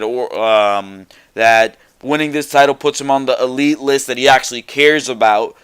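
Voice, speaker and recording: Man, mid pitch, resonant voice, casual opinionated reviewer. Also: smooth. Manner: animated, exasperated, opinionated. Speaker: show reviewer host.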